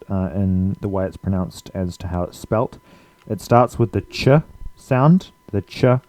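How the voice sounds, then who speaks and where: A man giving a casual language lesson, relaxed and chatty, with many fillers. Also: fairly low pitch. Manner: relaxed, with frequent fillers and laughs. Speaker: language teacher.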